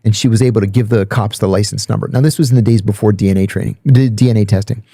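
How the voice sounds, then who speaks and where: A man's voice: lowish voice, rapid-fire, gravelly, dry recording. A middle-aged man casually telling stories on a podcast, acting out the people he quotes. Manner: animated storyteller, acts out quoted voices. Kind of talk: casual storytelling chat.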